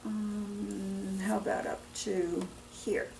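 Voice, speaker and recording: A woman's voice: mid-range voice, flat delivery, very slow, gravelly, darkish tone. A woman teaching Greek, coaching a student with guiding questions and encouragement. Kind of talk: coaching a student through a reading. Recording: echoey room, mic far off, noisy.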